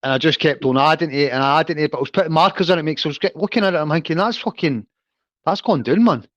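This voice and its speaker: A man's voice: on the high side, rapid-fire, no echo, dull audio. A man in his thirties chatting casually on a livestream, swearing and calling everyone mate. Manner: swearing, says "mate" constantly. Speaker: livestream co-host.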